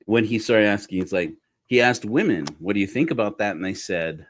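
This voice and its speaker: A man's voice: low-pitched, normal speed. A middle-aged man hosting a godless sermon, talking in a rambling, self-correcting way with wry asides. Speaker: podcast host. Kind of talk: casual sermon-style commentary.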